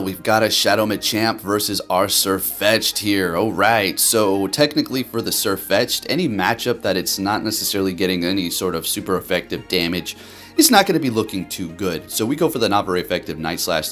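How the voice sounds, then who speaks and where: A man giving animated, profane commentary over his own gameplay as a game video host. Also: sits low.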